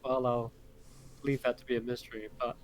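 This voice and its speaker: A man narrating a tabletop game as game master, describing scenes in an unhurried, descriptive way. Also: mid-range voice, flat delivery, a little hiss or hum, low-quality recording.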